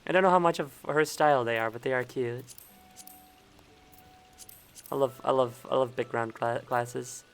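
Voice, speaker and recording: A woman's voice: a bass voice, fairly even intonation, normal speed, pauses often, soft background music. A young woman streamer giving casual commentary as she plays, chatty and muttering little asides, often repeating words.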